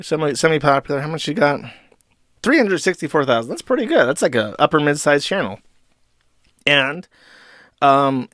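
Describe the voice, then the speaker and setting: A man's voice: on the high side, fairly bright tone, no room sound, clean studio sound. A man giving sarcastic, profane commentary over video clips as the host of an online show.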